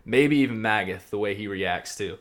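A man co-hosting a podcast in casual chat, spinning excited fan theories in a blunt, profane way. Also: fairly low pitch, moderate pace. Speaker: podcast co-host.

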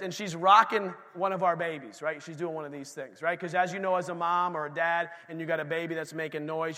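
A middle-aged man preaching in a church sanctuary, his voice high and gravelly. He sounds bright and forceful, and long hall reverb trails his words. He talks in an animated way, acting out dialogue and then dropping into quiet asides. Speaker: pastor. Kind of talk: sermon.

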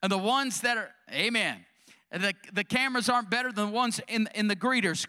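A man's voice: high voice, brisk, sharp tone. A male pastor preaching a sermon, calling out questions to the congregation.

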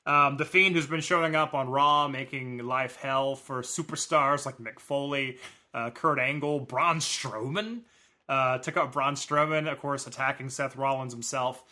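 A man co-hosting a podcast, chatting casually about a wrestling event and now and then mimicking fans in high voices. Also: fairly even intonation, measured pace, sharp tone. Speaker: podcast co-host. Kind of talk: casual wrestling review chat.

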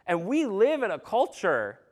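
A man's voice: high voice, huge pitch swings, a little slow. A man preaching an earnest sermon in a conversational way, with casual fillers and some humor. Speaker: pastor.

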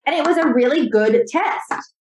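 A young woman comedian, appearing as a guest, chats casually over a video call in a high, animated voice with a darkish tone. At a moderate pace, she tells rambling stories packed with fillers.

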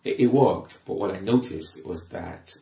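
A middle-aged British man talks through his comedy career in a relaxed interview. His voice sits very low with a gravelly fry, and he often repeats words while he gathers his thoughts. The recording has a roomy echo. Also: measured pace. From Britain, born in Liverpool. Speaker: comedian guest. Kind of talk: casual conversational interview.

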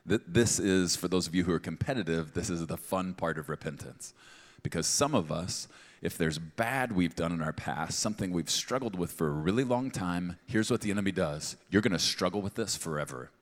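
A man preaching a sermon as pastor, conversational and emphatic, with playful asides. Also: low voice. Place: large church auditorium. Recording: long hall reverb.

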